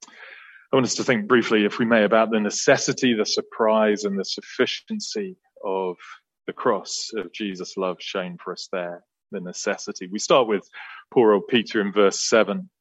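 A man preaching a sermon in church, explaining a Bible passage with earnest emphasis that rises and then falls soft. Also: lowish voice, fairly even intonation, moderate pace, slightly rough, dry recording, low-quality recording.

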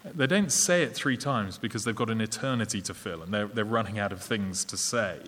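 A man with an English accent preaching a sermon, earnest and measured, with small fillers and restarts. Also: lowish voice, a bit bright. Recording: long reverb of a large hall.

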